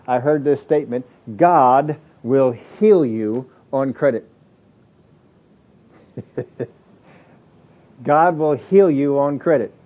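A man preaching a sermon in a plain-spoken way, acting out the excuses people make in different voices. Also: on the high side. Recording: dull lo-fi audio recording.

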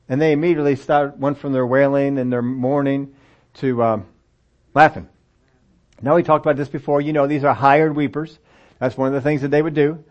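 A man's voice: on the high side, moderate pace, pauses often, darkish tone. An older man preaching a sermon, reading scripture aloud and breaking into folksy, self-deprecating asides. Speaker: pastor. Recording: dull lo-fi sound.

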